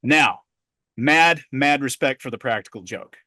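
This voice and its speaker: A middle-aged man co-hosting a podcast, telling a story in a profane, animated way. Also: mid-range voice, unhurried, dry recording, clean studio sound. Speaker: podcast co-host. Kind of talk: casual podcast chat.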